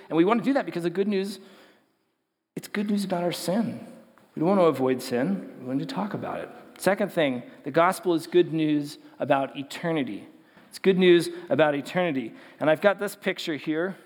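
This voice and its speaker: Youth preacher, male, high tenor voice, chatty storyteller, hall echo behind him. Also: fairly quick. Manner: conversational storytelling, acts out quotes. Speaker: youth pastor. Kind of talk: sermon to young people. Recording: long hall reverb.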